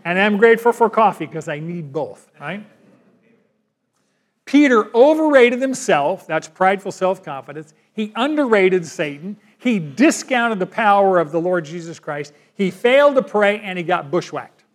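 A man's voice: high voice, animated, moderate pace. A man, a pastor, preaching a sermon in a folksy, conversational way.

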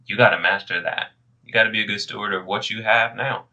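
A man's voice: fairly low pitch, quick pace, lo-fi sound. A man co-hosting a podcast in a casual chat, talking animatedly with loose slang. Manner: animated, faith-focused, loose street slang. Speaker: podcast co-host. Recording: distant from the mic.

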